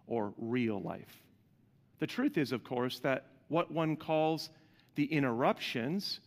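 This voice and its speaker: A male pastor giving a sermon, animated and putting questions to the congregation. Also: medium pitch, in a large hall.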